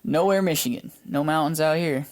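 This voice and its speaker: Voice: mid-range voice, brisk, a little mellow. A podcast co-host chatting casually, asking curious questions and teasing. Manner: asks curious questions and teases. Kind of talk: casual religious discussion podcast.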